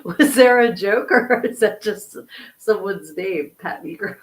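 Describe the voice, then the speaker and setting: A woman's voice: medium pitch, measured pace, rough recording. A woman hosting a casual livestream podcast, giggling as she reads corny jokes from the chat. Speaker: podcast host.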